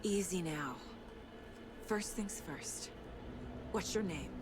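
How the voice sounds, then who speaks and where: An actress playing a calm, methodical female federal investigator who speaks steadily and with authority. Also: lowish voice, takes it slowly, noisy background. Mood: firm. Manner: steady, commanding. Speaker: FBI agent.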